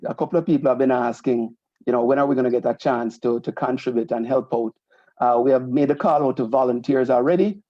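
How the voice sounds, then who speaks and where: A man's voice: medium pitch, warm tone, no room sound. A man from Jamaica, hosting a community association show and chatting through announcements, often adding a questioning "right?". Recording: slightly muffled lo-fi recording.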